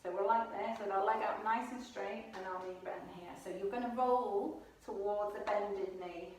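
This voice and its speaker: In an encouraging home exercise lesson for children, a woman demonstrates gymnastics moves as she explains them, occasionally a bit breathless. Her medium-pitched voice is steady at normal speed, heard from a distance in an echoey room with slight background noise.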